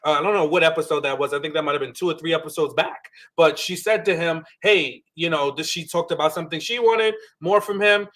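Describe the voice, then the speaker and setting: A man co-hosting a podcast, recapping a reality show in a casual, animated way and acting out the lines he quotes. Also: a little high, a little fast, hardly any pauses. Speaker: podcast co-host.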